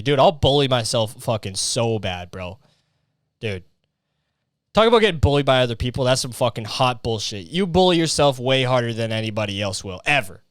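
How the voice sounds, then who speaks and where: A man's voice: mid-range voice, smooth, dry recording, studio quality. A young man hosting a solo comedy podcast, ranting profanely and acting out voices while sweating in a heatwave. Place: his hot bedroom.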